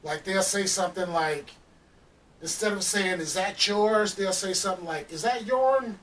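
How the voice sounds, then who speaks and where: A man co-hosting a casual reaction chat, relaxed and slangy, asking questions and chiming in. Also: high-pitched, normal speed, recorded from a distance, low-quality recording. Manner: relaxed, loose slangy talk, asks questions. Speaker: co-host reacting to comedy.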